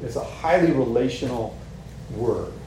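Conversational preacher in an echoey church. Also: male voice, medium pitch, a little slow. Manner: conversational, animated preaching with frequent "right?" and "like". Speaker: pastor. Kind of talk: sermon. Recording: echoey room with faint ambient noise.

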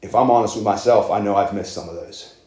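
A man's voice: fairly low pitch, fast talker, dark tone, echoey room. A man preaching a sermon as pastor, earnest and conversational, with emphatic rises.

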